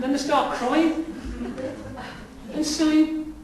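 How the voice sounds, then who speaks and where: A man's voice: mid-range voice, normal speed, darkish tone. A middle-aged man preaching a sermon as pastor, conversational, throwing rhetorical questions at the congregation. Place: church hall with congregation. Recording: very echoey hall, distant mic, faint hiss.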